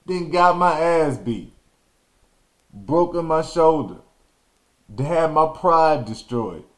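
A man hosting a podcast, telling a childhood story in a casual, animated way and acting out quotes and sound effects. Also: medium pitch. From Texas.

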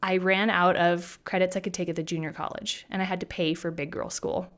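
A woman, a hairstylist guest, telling a story in a casual chat, acting out quoted lines with lively shifts of voice. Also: fairly low pitch, brisk. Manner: animated, acts out quotes in bright voices.

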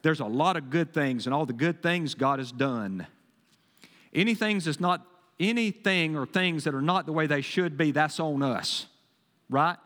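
A male pastor preaching a sermon, emphatic and folksy, swinging between loud bursts and quieter asides. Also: a little high, animated, a little slow. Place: church sanctuary. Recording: long hall reverb.

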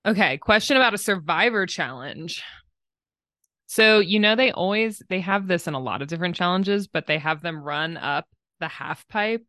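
A woman co-hosting a podcast in casual, playful chat, brisk and competitive in tone. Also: fairly low pitch, expressive, a bit bright, dry recording, studio quality. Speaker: podcast co-host.

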